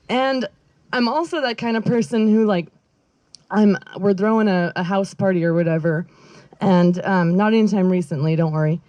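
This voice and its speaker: A woman's voice: medium pitch, moderate pace, a little mellow. Rambling, giggly woman doing stand-up. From Northern California. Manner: rambling, self-deprecating, lots of fillers and laughs. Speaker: stand-up comedian. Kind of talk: stand-up comedy set. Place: outdoor backyard comedy show.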